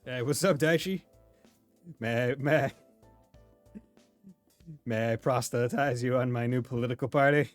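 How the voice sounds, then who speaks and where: A man's voice: mid-range voice, normal speed, long pauses. A young man hosting a game playthrough, joking around, laughing a lot and using casual slang. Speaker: let's play host. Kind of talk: gameplay commentary. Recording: dry close mic with faint game music.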